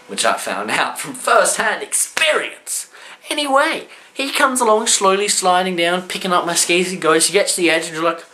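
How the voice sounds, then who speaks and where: A man tells a comic misadventure with a bright, sharp voice that swings all over its range. He sounds like he is in a roomy, echoey space. He keeps breaking into sound effects and shouted voices. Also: on the high side. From Australia. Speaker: storyteller vlogger. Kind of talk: animated comic storytelling. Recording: roomy echo.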